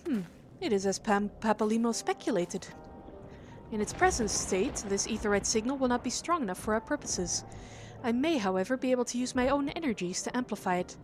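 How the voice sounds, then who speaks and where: Woman reading a calm, formal scholar. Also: a little high, lightly acted. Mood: thoughtful. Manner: formal, measured, softer. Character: calm, learned female scholar.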